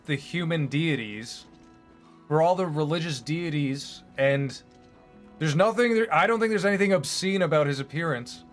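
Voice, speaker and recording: A man streaming, chatting casually in a rambling, opinionated, profane way. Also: fairly high pitch. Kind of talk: casual chat while streaming.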